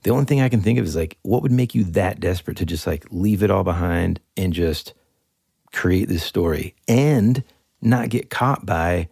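A man's voice: sits low, lively intonation, moderate pace, gravelly, a little mellow, husky, no room sound, studio quality. A man co-hosting a podcast, chatting casually and animatedly about a true-crime story, rambling and joking. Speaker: podcast co-host.

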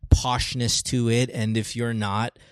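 A man with a Filipino accent hosting a casual chat show, telling stories with animated energy and slipping Tagalog phrases into his English. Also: mid-range voice, slow, clean tone, no echo, clean studio sound. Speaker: podcast host.

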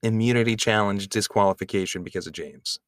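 A man's voice: lowish voice, brisk, no room sound, clean studio sound. A man co-hosting a podcast, chatting casually in a playful, teasing way. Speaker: podcast co-host. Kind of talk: casual banter.

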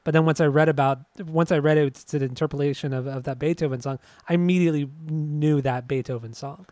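A man chats on a music podcast in a rambling, profane way, often laughing at himself. His voice sits a little high, and the recording is dry and close with no room sound. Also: fairly even intonation, fast, darkish tone, dry recording. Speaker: podcast co-host. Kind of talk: casual music podcast chat.

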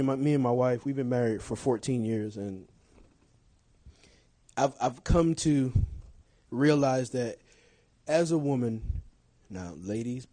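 A middle-aged man preaching a sermon, swinging from shouted lines to quiet asides and laughing often. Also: mid-range voice.

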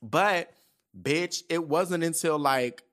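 A man in his thirties hosting a podcast, telling stories in a casual, profane, animated way and acting out the people he quotes. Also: fairly high pitch, slow pace. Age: 30s. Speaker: podcast host. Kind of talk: casual chat.

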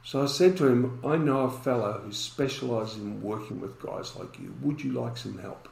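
A man's voice: medium pitch, normal speed, creaky, darkish tone, roomy sound, poor audio. A man, a podcast guest telling a story and acting out the dialogue in it.

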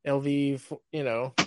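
A man joins a podcast over a remote call. He speaks hesitantly and often stumbles and restarts his sentences. His voice sits at an ordinary middle pitch. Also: background noise. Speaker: podcast co-host. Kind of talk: casual podcast chat.

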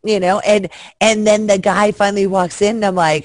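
Frank and jokey, this guest performer keeps up a bawdy, casual chat over a video call. Her mid-range voice is steady and moderately paced, with no room sound.

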